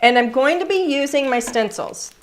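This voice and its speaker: With a high, animated voice at normal speed, a craft class host runs a live card-making stream from an overhead camera rig. She keeps things cheerful and talkative, calling out viewers by name during the demo.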